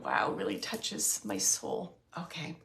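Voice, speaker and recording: A woman working as a psychic medium, giving an earnest, emotional spirit reading. She laughs often and sometimes drops to a soft hush. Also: sits low, wildly swooping pitch, slow, creaky. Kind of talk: live spirit reading for a sitter.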